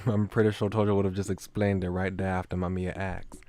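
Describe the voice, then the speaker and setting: A man's voice: low-pitched, level tone, fairly quick, a little mellow. A man reading a visual novel aloud, chatty and self-deprecating, his voice getting scratchy. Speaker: streamer.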